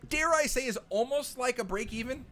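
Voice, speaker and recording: A man's voice: extremely high pitch, moderate pace. A man doing live poker commentary from a booth, breaking down hands and trading jokes with his co-hosts. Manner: animated, joking banter.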